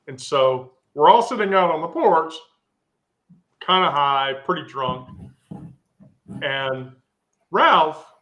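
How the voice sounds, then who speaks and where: A woman's voice: extremely low pitch, fairly bright tone. A woman hosting a live social stream, telling a rambling, profane story full of asides.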